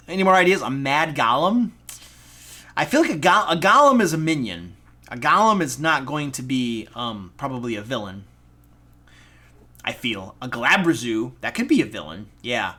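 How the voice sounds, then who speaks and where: A man from Michigan with a Michigan accent, hosting a casual live stream as a dungeon master, excitable, goofy and self-deprecating. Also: on the high side. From Michigan, USA. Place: home room.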